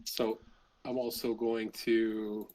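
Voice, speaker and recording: A man's voice: lowish voice, flat delivery, slow, a crowd in the background, rough recording. Hesitant man asking about the rules. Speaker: player. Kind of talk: casual tabletop game chat.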